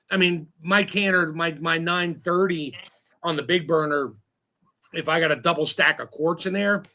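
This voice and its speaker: Chatty high-voiced man host. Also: sharp tone. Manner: chatty storyteller, laughs often, acts out sounds. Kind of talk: casual livestream chat.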